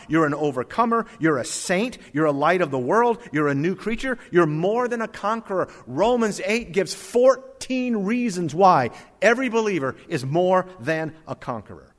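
A man preaching a sermon, reading scripture aloud and swinging between loud emphatic lines and soft quiet ones. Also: high voice. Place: church hall with congregation. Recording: long reverb of a hall.

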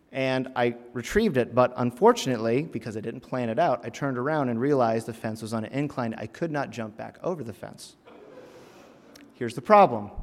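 A man of middle pitch preaches in a sermon, building into loud, emphatic bursts and then falling back quiet. He tells a funny personal story along the way. His voice trails off into a long hall reverb.

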